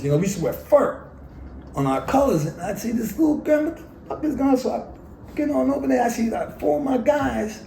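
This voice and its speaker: A man's voice: medium pitch, a little mellow, reverberant, a little hiss or hum, low-quality recording. A man, telling his life story bluntly and profanely in an oral history interview. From New York City.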